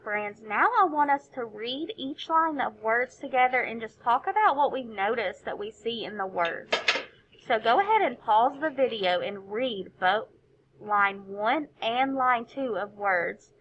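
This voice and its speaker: A woman's voice: fairly high pitch, animated, unhurried, slight background noise. A woman teaching a recorded phonics lesson to young children, sounding out each letter and praising often. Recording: dull, lo-fi recording.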